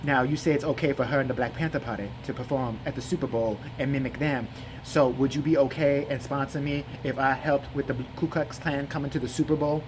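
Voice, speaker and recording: A man imitating an older male interviewer who talks in a slow, flat, drowsy drawl. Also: mid-range voice, noisy background, lightly acted. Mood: drowsy baiting.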